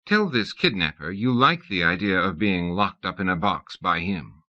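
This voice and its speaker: A man voicing a cunning old male god who coaxes in a smooth, persuasive way. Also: deep voice, lively intonation, moderate pace, bright, forceful tone, no echo. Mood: coaxing. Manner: coaxing, persuasive. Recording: dull lo-fi audiobook tape.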